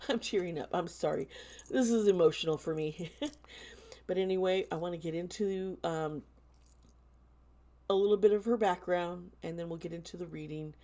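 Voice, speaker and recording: A woman hosting a tarot channel, speaking in a casual vlog style, earnest and halting, with many pauses and restarts. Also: fairly low pitch, dark tone.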